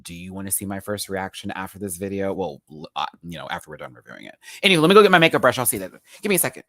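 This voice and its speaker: Sassy young man chatting, lively pitch. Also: rapid-fire, no echo. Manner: sassy, chatty, full of camp slang. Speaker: reality TV reviewer. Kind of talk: casual live-stream chat.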